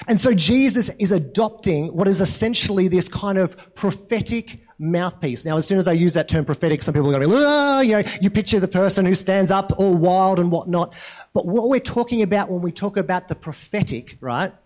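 Here a pastor preaches conversationally in a fairly high voice with a darkish tone, regularly putting questions to the congregation. A quick "right?" follows many of his points, giving the sermon the feel of a chat instead of a formal address.

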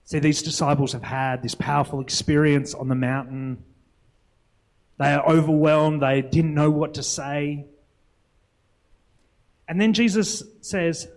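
A man's voice: a little high, steady tone, measured pace, pauses often, poor audio. A young adult man preaching a sermon in an earnest, reflective way, often posing rhetorical questions to the congregation.

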